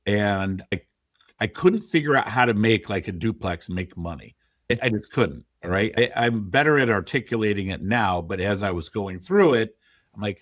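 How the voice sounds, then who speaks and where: Speaking at a moderate pace with a fairly low, animated voice, a middle-aged real estate investor tells his story on a podcast. He's candid, quoting his own past thoughts in conversational interview storytelling. Clean studio sound, no room sound.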